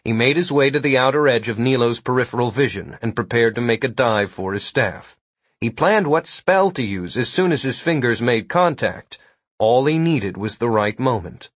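A man narrating a fantasy story in a measured audiobook style. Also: medium pitch, lively intonation, no room sound. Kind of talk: scripted narration.

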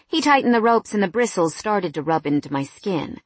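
A woman's voice: mid-range voice, very animated, brisk, hardly any pauses, dry recording. A woman narrating a first-person novel in a wry, candid tone.

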